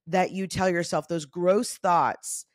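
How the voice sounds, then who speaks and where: A woman in her thirties hosting a motivational solo talk, candid, casual and animated, often saying y'all. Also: on the low side, slow, no room sound, studio quality. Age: 30s. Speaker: podcast host.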